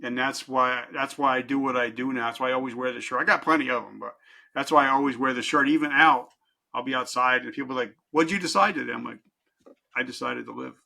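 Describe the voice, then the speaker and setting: A middle-aged man telling his own story as a podcast guest, candid and intense, swinging from loud to hushed. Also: mid-range voice, quick pace, vocal fry. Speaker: podcast guest, life coach. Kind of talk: emotional personal storytelling.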